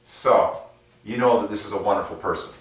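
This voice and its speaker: A man rambling through a casual monologue as a religious numerology video host, excitable, with many fillers and sudden jumps in pitch. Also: a little fast. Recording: very echoey room, far from mic.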